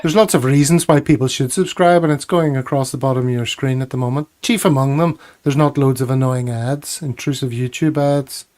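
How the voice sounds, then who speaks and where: Smooth-voiced man hosting. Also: mid-range voice, fairly even intonation, fairly quick, hardly any pauses, a little mellow. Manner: jokey and chatty, laughs at his own jokes. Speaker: podcast host. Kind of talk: casual chat.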